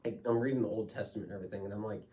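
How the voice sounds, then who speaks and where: A man's voice: fairly low pitch, rapid-fire, mellow, far from the mic, muffled recording. A man speaking as a guest in an interview, telling his story candidly and emotionally, loose with fillers like "like" and "you know".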